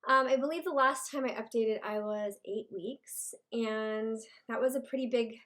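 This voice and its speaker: A woman in her thirties talks at home in a casual video update. Her voice sits a little high, and she speaks in a halting, heartfelt way, pausing and starting her sentences over. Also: fairly bright tone. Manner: halting and heartfelt, with many pauses and restarts. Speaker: vlogger.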